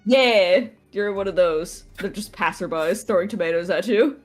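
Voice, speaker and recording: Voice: medium pitch, normal speed. Co-host, mid-range voice, dry teasing, casual stream chat, faint music.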